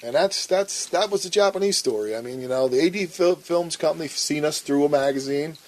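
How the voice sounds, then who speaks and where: A man's voice: fairly high pitch, brisk, low-quality recording. A man telling a story in a blunt interview, swearing often and acting out the arguments he recounts. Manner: blunt and profane, acts out quoted arguments. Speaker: interview guest.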